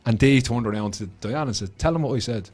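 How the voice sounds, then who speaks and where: This guest author has a Dublin Irish accent and a medium-pitched, slightly mellow voice, and he talks fairly quickly. His storytelling is animated, full of swearing, and he performs the different characters' voices himself.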